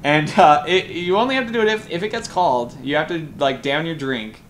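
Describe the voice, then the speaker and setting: A young man from Colorado, a game caster telling rambling, excited stories between plays in casual chat, with frequent swearing. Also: on the high side, brisk. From Colorado, USA. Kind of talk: casual storytelling during a game broadcast.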